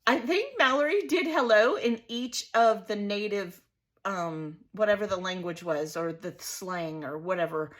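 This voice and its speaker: Bubbly bright-voiced woman vlogger. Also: mid-range voice, unhurried. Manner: bubbly, laughs often while telling stories. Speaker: scrapbooking channel host. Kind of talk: casual chatty vlog.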